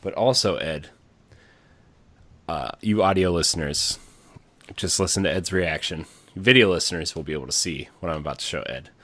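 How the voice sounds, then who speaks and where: A man with a very low voice hosts a casual podcast, rambling along with plenty of filler words and restarts. He is recorded close on a podcast mic in a dry, dead-sounding room. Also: moderate pace, pushed and bright, no echo. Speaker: podcast host.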